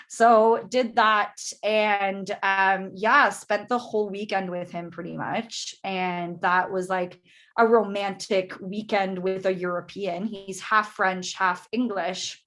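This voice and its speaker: A woman's voice: mid-range voice, steady tone, a little slow, a bit bright. Woman, young adult, from Canada, casual chat, chatty, lots of fillers. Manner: chatty, many fillers, acts out quotes. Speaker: guest.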